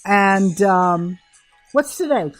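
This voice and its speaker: A woman's voice: mid-range voice, drawn-out words, faint music behind. Emphatic older woman telling a story. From New York. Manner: animated, emphatic, acts out quotes. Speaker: guest. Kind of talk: casual storytelling interview.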